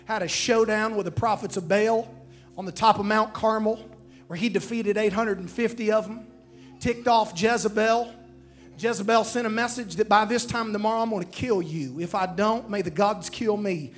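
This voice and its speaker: A man with a high voice preaches a sermon, asking the congregation to say lines back to him. Faint music plays underneath his words. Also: fairly even intonation, moderate pace. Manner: preaching with call-and-response to the congregation.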